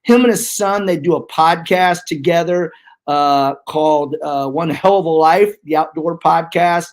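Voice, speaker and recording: A man's voice: fairly high pitch, a little slow. A man in his forties hosting a podcast, loose and joking with hype-man energy. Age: 40s. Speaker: podcast host. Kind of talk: casual chat.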